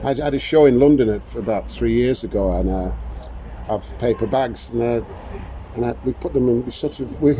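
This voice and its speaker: An older man hosts a relaxed outdoor chat, his voice dark and mellow as he wanders through rambling stories and breaks into laughter. A faint wash of outdoor noise sits behind him. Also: medium pitch, normal speed, poor audio. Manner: rambling anecdotal storyteller, laughs often. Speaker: podcast host. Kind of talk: casual chat. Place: outdoors in the sunshine.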